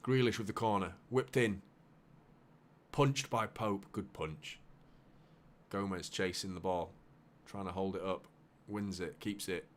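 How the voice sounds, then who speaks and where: Man, fan watchalong host, live play-by-play, excitable then muttering. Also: deep voice, a little slow, a little hiss or hum.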